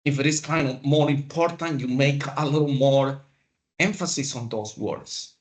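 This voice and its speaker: A man teaching a class, lecturing in a slow, deliberate way with pauses. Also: mid-range voice. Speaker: instructor.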